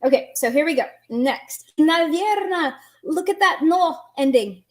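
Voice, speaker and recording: Woman, language teacher, fairly high voice, patient and chatty, quizzes viewers as she explains. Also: expressive. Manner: patient, explains slowly, asks students questions. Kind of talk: online language lesson.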